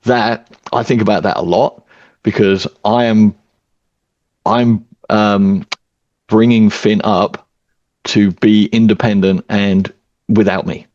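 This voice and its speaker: Low-voiced male podcast host, dull lo-fi sound. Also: slow pace, long pauses, no room sound. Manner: relaxed, reflective, thinks aloud with fillers. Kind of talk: casual podcast conversation.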